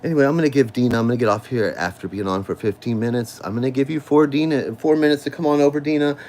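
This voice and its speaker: A man's voice: medium pitch, fast talker, darkish tone. A man, hosting a livestream from his home on a phone mic, ranting angrily and confrontationally at someone he names over and over, his voice sore from screaming. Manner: confrontational, repeats a name accusingly. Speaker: livestream host. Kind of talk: angry livestream rant. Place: at home, indoors.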